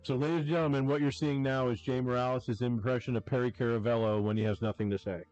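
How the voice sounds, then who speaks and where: A man's voice: medium pitch, steady tone, fast talker, darkish tone, smooth, muffled recording, soft background music. A man producing and co-hosting a live stream, joking wryly, with some swearing. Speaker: producer and co-host. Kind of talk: casual chat on a live stream.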